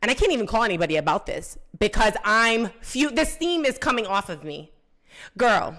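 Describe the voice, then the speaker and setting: A young woman with a fairly high voice tells a story on a casual podcast. She retells it with a lot of drama, acting out every quote and rising in pitch as she goes. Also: big pitch swings, moderate pace, a bit bright. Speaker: podcast co-host.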